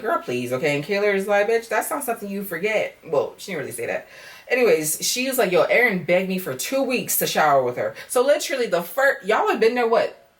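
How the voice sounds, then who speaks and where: A woman's voice: medium pitch, recorded from a distance. A young woman recapping a reality dating show in a casual vlog, blunt and sassy, swearing freely and ending her points with "okay?" and "girl".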